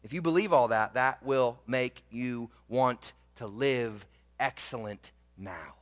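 A man preaching a sermon as pastor, moving between loud, emphatic proclaiming and quiet, low asides to the congregation. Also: slow pace. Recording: long reverb of a church hall.

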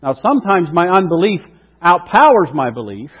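Male preacher, high-pitched, emphatic sermon delivery, long hall reverb. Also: a little slow. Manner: emphatic, rhetorical questions, swings from quiet to loud. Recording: dull sound with long reverb.

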